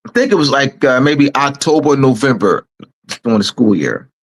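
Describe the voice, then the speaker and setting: A middle-aged man, a teacher and author, telling a story from his teaching days in a relaxed, recollecting way, pausing and restarting as he remembers. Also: medium pitch, poor audio. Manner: unhurried recollecting with pauses and restarts. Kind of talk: casual storytelling.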